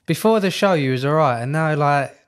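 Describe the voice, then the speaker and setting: A man's voice: fairly high pitch, lively intonation, fairly quick, clear, resonant tone. A man, a podcast co-host who talks in a dry, plain-spoken way in casual chat.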